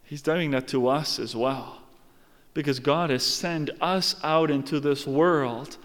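A male preacher delivers a sermon with emphatic, dramatic storytelling and frequent rhetorical questions. His voice is fairly high. It rings with the long reverb of a large church hall. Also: slow, fairly bright tone.

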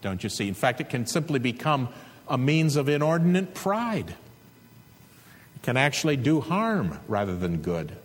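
Husky, animated male preacher. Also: mid-range voice, normal speed, long reverb tail. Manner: earnest, emphatic exhortation with rising intensity. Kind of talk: sermon.

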